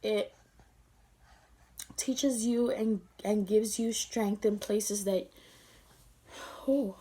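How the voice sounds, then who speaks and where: A woman's voice: medium pitch, fairly even intonation, very slow, warm tone. A young woman vlogger telling an emotional story, tender and rambling, teary-eyed as she talks.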